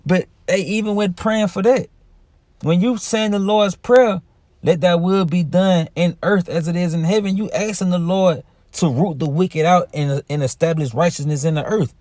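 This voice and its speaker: A man's voice: high voice, a little mellow, dry recording, studio quality. A man giving an informal scripture teaching, reading verses and explaining them in a conversational way, often asking "you see?" and adding "man". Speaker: religious teacher.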